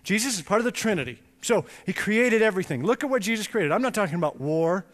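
A man preaching a sermon, emphatic and animated, with chatty asides. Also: high-pitched, fast talker. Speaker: pastor. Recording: long reverb in a large hall.

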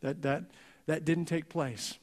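A male pastor preaching a sermon earnestly, going soft and slow on key lines. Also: fairly high pitch, steady tone. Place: church sanctuary. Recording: long reverb of a church hall.

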